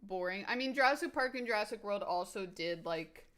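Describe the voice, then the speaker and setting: A woman's voice: mid-range voice, lively intonation, a little fast, a bit bright. A woman streaming casually, answering viewers' comments in a rambling, enthusiastic way full of "like" and "um". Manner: rambling, filler-heavy with frequent "like" and "um"; enthusiastic, laughs easily.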